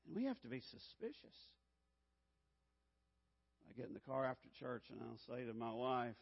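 A man's voice: medium pitch, sing-song, normal speed, creaky, pauses often, big-room sound, dull audio. A man preaching a sermon as pastor, emphatic, repeating key phrases and calling out to the congregation for responses.

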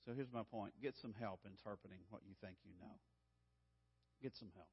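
A man's voice: on the low side, fairly quick, slightly rough, big-room sound, dull audio. A man preaching a sermon as pastor, emphatic, repeating key phrases and calling out to the congregation for responses.

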